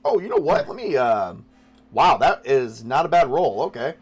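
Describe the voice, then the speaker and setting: A man's voice: medium pitch, big pitch swings, normal speed, a little mellow. A man running a tabletop game as game master, thinking aloud with many fillers and restarts.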